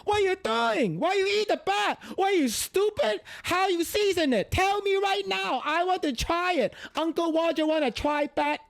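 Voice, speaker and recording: A man's voice: extremely high pitch, lively intonation, normal speed, hardly any pauses, no echo, clean studio sound, voice pushed up, exaggerated voice. A man putting on a scolding middle-aged uncle comic persona. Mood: mocking. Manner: loud mocking exaggerated accent.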